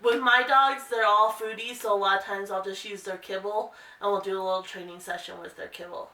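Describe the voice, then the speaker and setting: A woman dog trainer explaining training steps calmly in a casual instructional video. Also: fairly quick, recorded from a distance. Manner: calm explaining, breaks into high sing-song calls to the dog. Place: indoor room. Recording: roomy echo, voice a bit off-mic.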